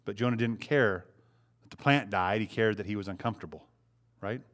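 A man's voice: on the low side, a little fast, a bit bright. A man preaching a sermon in a conversational way, asking the congregation rhetorical questions and acting out short quotes. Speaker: pastor.

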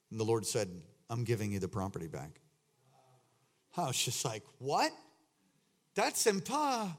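A man preaching a sermon as pastor, telling a story that swings from hushed tones to loud shouting. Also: medium pitch.

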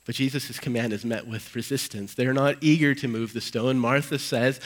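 His Easter sermon swings from loud and emphatic to hushed and low as he gives scripture dramatic weight, though his intonation stays fairly even. He keeps a moderate pace with few pauses, and the audio is poor.

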